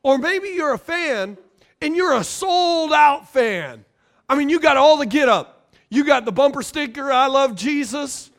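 A man preaching a sermon, lively and conversational, acting out the people in the story with sudden jumps in pitch and loudness. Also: a little slow. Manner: animated, acts out quoted characters with jumps in pitch and volume. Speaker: pastor.

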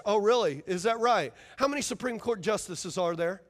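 A man's voice: high voice, lively intonation, normal speed. A man preaching a sermon as pastor, emphatic and fiery, firing rhetorical questions at his congregation.

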